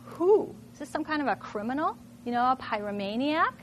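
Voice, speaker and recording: High-voiced animated woman teacher. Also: brisk, slight background noise. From Minnesota. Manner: animated, thinks aloud with rhetorical questions. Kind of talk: classroom demonstration talk.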